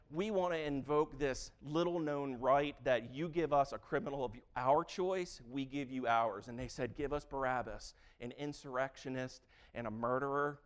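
A man preaching a sermon in a conversational, animated way, often restarting his sentences. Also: fairly high pitch. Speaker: pastor.

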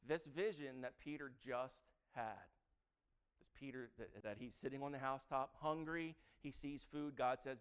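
Male preacher, clear, smooth tone, chatty and joking, quizzes the congregation. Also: medium pitch, measured pace. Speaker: preacher teaching a Bible lesson. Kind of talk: interactive sermon.

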